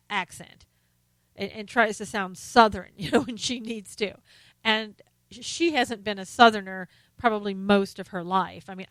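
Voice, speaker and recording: Woman talk host, political commentary, sarcastic, indignant, middle pitch, dry close recording. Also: fairly bright tone, no room sound. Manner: exclamatory asides.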